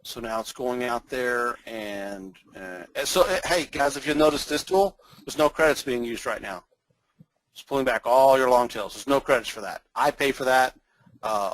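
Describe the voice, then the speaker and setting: A folksy man with a North Texas drawl walks through a software demo in an easygoing, rambling way and chuckles now and then. His voice sits in a middle register and sounds close and dry, with no room around it. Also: medium pitch, dry recording, low-quality recording. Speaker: webinar presenter. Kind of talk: casual screen-share software demo.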